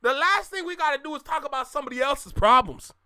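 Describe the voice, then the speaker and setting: A man's voice: very high-pitched, lively intonation, fast, bright, forceful tone. A young man from Canada, hosting a casual live reaction stream, talking animatedly to his chat with exclamations and slang. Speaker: reaction channel host.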